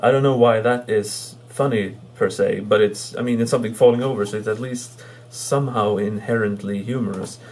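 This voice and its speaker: Halting, amused man with a low voice. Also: fairly even intonation, a little mellow. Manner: halting, full of fillers and restarts; amused, chuckles while recounting jokes. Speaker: movie reviewer. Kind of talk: casual spoken movie review.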